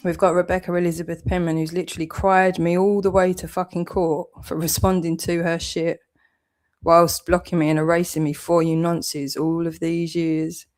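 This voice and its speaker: A woman's voice: fairly low pitch, flat delivery, moderate pace, a little mellow. A British woman with a southeast English accent, delivering a heated, accusatory vlog rant full of swearing. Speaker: channel owner.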